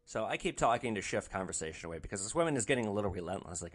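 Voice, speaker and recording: A man's voice: lowish voice, big pitch swings, racing, hardly any pauses, a bit bright. A man hosting a podcast, telling his rideshare stories in a casual, sarcastic, blunt way. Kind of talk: casual storytelling.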